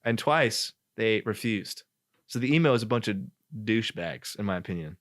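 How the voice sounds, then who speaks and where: Bright-voiced man telling a story. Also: on the low side, moderate pace. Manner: animated storytelling, acts out quoted voices. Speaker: podcast co-host. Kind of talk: casual chat.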